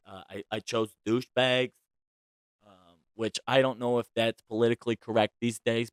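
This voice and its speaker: A man hosting a celebrity gossip podcast in casual chat, chatty and dramatic, swinging between loud outbursts and soft asides. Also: medium pitch, clean tone, dry recording. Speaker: podcast host.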